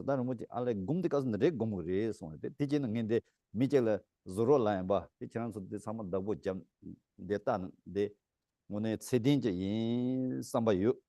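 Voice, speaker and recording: A middle-aged man teaching as a Buddhist teacher, speaking emphatically with sudden rising bursts of pitch and loudness. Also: no echo, studio quality. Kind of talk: dharma teaching.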